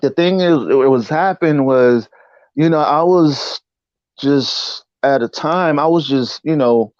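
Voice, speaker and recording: Interview guest, male, animated storyteller, fairly high voice, dull dry recording. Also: slow, no echo. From United States. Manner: animated, often says "you know what I'm saying"; acts out voices in quotes. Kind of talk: casual spoken storytelling.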